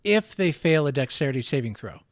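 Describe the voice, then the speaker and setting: Slightly high-voiced player walking the table through a rule; patient, dry close mic. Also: male voice, very animated, brisk, no echo. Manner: patient, explaining rules step by step. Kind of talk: casual tabletop game chat.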